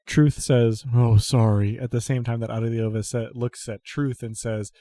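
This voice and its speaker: A man narrating a tabletop role-playing game as game master, quietly voicing the characters in an unhurried way. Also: mid-range voice, level tone, no echo.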